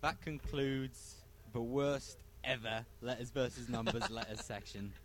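A man's voice: mid-range voice, a little slow. A man co-hosting a casual podcast, joking and swearing as he reads out listener mail. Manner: joking, profane, animated. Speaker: podcast co-host.

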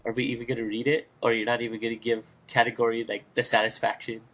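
A man's voice: medium pitch, flat delivery, quick pace, a bit bright. Teasing male podcast co-host. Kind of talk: casual chat.

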